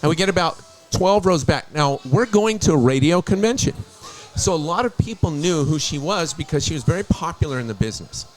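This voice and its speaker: A man telling stories in casual chat, acting out quotes with lively energy. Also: on the high side, fairly quick, faint music behind. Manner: animated storyteller, acts out quotes. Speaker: radio host.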